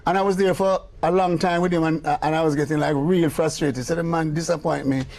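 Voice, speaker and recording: A man's voice: on the high side, fairly quick, vocal fry. An older man with a Jamaican accent, a music producer telling stories in an interview, slipping into patois and acting out the people he quotes. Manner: animated storyteller who slips into patois and acts out the people he quotes. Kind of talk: storytelling in a casual interview.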